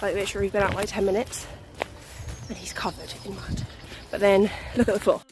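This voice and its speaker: A woman's voice: mid-range voice, fairly even intonation, brisk, over music. Breathless young woman vlogging outdoors. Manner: chatty, laughs often, talks to her dog. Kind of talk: casual vlog chat while walking. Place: muddy forest outdoors.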